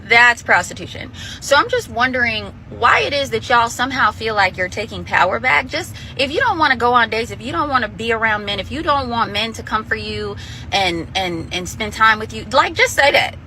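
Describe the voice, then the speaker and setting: Female commentator, bright and slightly high, incredulous questioning tone, faint background noise. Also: animated, fairly quick, rough recording. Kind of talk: casual commentary video.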